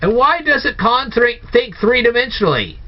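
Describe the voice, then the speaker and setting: A man's voice: very high-pitched, big pitch swings, normal speed. A man giving a casual spoken movie review, firing off incredulous, sarcastic rhetorical questions. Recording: dull lo-fi recording.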